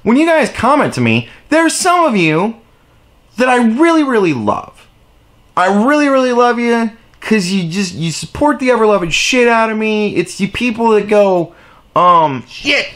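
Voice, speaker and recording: A young man ranting casually to his camera, profane and animated, recorded on the camera's own mic. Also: high-pitched, moderate pace. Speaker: vlogger.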